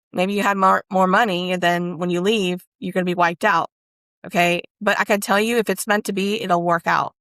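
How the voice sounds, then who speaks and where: A woman talks through a tarot card reading in a loose, chatty way, pulling cards and reacting to them out loud. Her voice sits in an ordinary middle pitch. The sound is dry and close, with no room echo. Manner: chatty, Southern-tinged "y'all", breaks into laughs and excited exclamations. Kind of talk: casual spiritual card reading.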